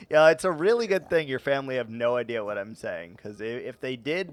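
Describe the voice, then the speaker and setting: This gamer's voice is mid-range and expressive, moving at a moderate pace with no echo. He keeps up casual live-stream chat while playing, ribbing his audience playfully and frequently cracking himself up.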